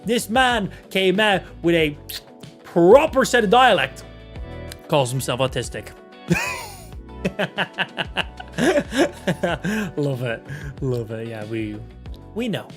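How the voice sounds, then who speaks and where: A man's voice: high-pitched, wildly swooping pitch, drawn-out words, pauses often, fairly bright tone, soft background music. A young Irish man in his twenties chatting casually on a live stream, swearing freely and reacting to chat. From Ireland. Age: 20s. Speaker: gaming streamer.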